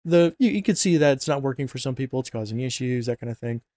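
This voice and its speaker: The narrator of this mod install tutorial is a yawning, sleepy man who rambles and jokes over his screen recording, leaning on fillers and self-corrections. His medium-pitched voice is expressive, fast, and mellow, captured in a dry recording.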